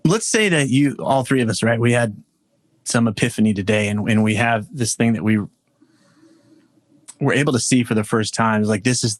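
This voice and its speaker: A man, a men's coach, speaking as a podcast guest in a reflective, storytelling way with halting restarts. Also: mid-range voice, no room sound, clean studio sound. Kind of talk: podcast interview.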